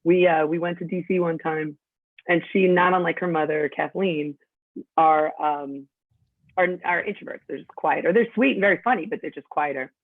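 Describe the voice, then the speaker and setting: This podcast guest is a New York woman with a New York accent and a low-sitting voice, talking at a normal speed. She's chatty and straightforward in a casual interview, and the line sounds tinny, like a phone, though there's no echo.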